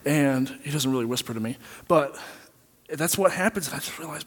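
A man with a slightly high voice preaches in an earnest, personal way, repeating key phrases as he drives his point home. He surges loud on some lines and drops low on others. His voice rings out with a long reverb, as in a large sanctuary. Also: moderate pace. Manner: earnest, repeats phrases for emphasis, swings between loud and quiet. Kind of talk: sermon.

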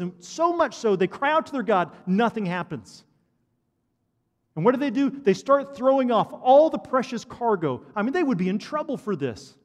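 A man preaching a sermon to a congregation, animated and asking the listeners questions. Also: high-pitched. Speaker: pastor. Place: church hall. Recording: long hall reverb.

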